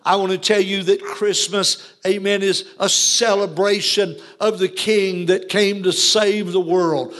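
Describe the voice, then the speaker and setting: A man's voice: sits high, flat delivery, measured pace, few pauses, a bit bright. A man preaching a Christmas sermon, quoting scripture and adding frequent amens as he addresses viewers. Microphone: broadcast to viewers.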